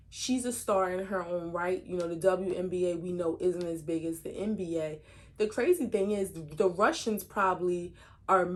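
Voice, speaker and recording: A woman co-hosting a podcast, talking in a measured, reasoned way in casual chat. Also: on the low side. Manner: measured, reasoned, hedges with "I think" and "you know". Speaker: podcast co-host.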